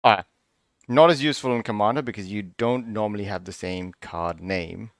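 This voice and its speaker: A man's voice: on the low side, brisk, no echo. A man hosting a casual card review, thinking aloud in a musing, half-sarcastic way, often breaking off and restarting. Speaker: card review channel host.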